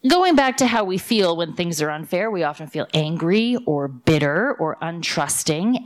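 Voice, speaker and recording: A woman preaching a sermon, retelling a parable and a modern story in a lively storytelling way. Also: on the low side. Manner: lively storyteller, voicing characters in quotes.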